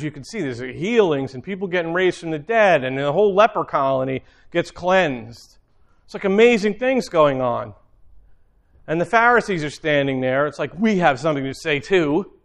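A man preaching a sermon in a loose, conversational way, with quick asides and repeated phrases. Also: on the high side.

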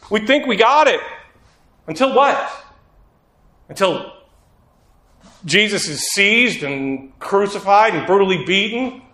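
A man's voice: high voice, animated, takes it slowly, long pauses, pushed and bright. A male preacher giving a sermon in an earnest, conversational way, sometimes acting out quotes. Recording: echoey room.

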